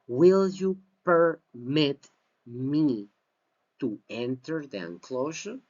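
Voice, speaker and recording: Slow, deliberate man teaching word stress. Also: mid-range voice, a bit bright. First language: Spanish. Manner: exaggerated word stress, repeats words slowly. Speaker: English pronunciation teacher. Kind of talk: slow deliberate pronunciation lesson. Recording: slightly dull lo-fi recording.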